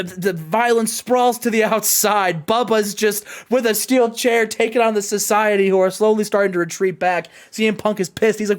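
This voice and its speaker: A man with a Southern US accent, hosting and excitedly retelling wrestling match results with laughs and restarts. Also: high-pitched. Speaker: host narrating simulated wrestling results. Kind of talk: casual chat, play-by-play storytelling.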